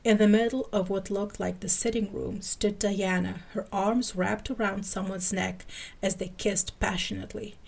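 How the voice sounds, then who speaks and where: Woman reading fan fiction, creaky voice. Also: medium pitch, a little mellow. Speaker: podcast host.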